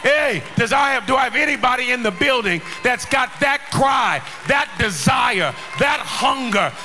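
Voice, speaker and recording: A man preaching a sermon in a church, shouting and stretching out key words. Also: very high-pitched, animated, unhurried, a faint crowd. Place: church sanctuary. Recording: long hall reverb, music behind.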